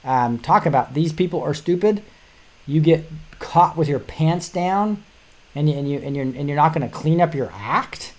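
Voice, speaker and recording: A man's voice: a little high, expressive, normal speed, darkish tone. A middle-aged man hosting a show, talking casually through news articles in a rambling way with frequent restarts and short chuckles. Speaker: show host.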